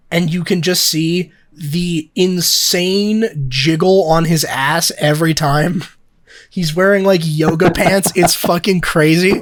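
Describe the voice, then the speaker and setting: A young man co-hosting a podcast in casual chat, rambling and swearing with lots of fillers. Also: on the high side. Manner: rambling, profane, filler-heavy. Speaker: podcast co-host.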